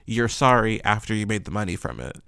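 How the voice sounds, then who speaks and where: A man's voice: lowish voice, very animated, a little fast, gravelly, sharp tone, smooth, no room sound, clean studio sound. Blunt, profane man ranting. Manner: blunt, profane, filler-heavy. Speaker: commentary vlogger. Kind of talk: ranting commentary.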